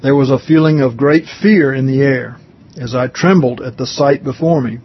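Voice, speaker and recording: A man's voice: mid-range voice, fairly even intonation, normal speed, slightly rough, lo-fi sound. A man reading a religious testimony aloud in an earnest way, stumbling now and then, with his own comments in between. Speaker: reader.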